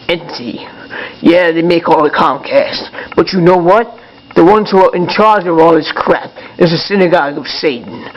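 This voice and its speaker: A man's voice: high-pitched, dull audio, lightly acted. A man voicing a grumpy male puppet who rants angrily in a puppet show monologue, with apologetic asides. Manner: angry ranting, apologetic asides.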